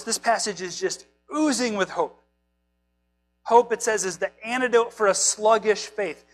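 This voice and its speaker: Male pastor, 30s-40s, high voice, casual self-deprecating sermon delivery, faint music bed. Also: a bit bright, rough recording. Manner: chatty, self-deprecating, asks the listeners questions.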